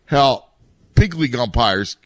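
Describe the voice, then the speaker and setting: A man's voice: medium pitch, lively intonation, unhurried, fairly bright tone, no echo, clean studio sound. A man chatting casually about his son's baseball, talking in loose, restarting sentences. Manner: rambling, many restarts, conversational. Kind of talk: casual podcast chat.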